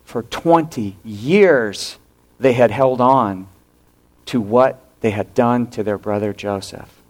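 A male pastor preaching a sermon, retelling a story with animated acted-out quotes and hushed drops for emphasis. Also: medium pitch, slow.

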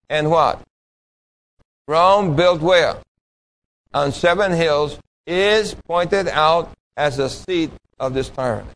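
A man's voice: a little high, slow pace, a bit bright, rough recording. A man preaching a sermon with an emphatic, pointed delivery, asking the congregation questions and answering them himself. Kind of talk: sermon with call-and-response.

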